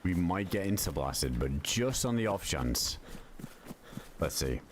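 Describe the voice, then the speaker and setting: A man's voice: deep voice, sing-song, measured pace. A man streaming a survival game, chatting loosely with lots of fillers and swearing. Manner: rambling, filler-heavy, swears casually. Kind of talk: casual gaming livestream chat. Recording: constant background noise.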